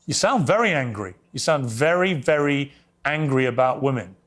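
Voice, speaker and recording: A man's voice: medium pitch, expressive, normal speed, a bit bright. A man interviewing a guest, pressing him with pointed, confrontational questions.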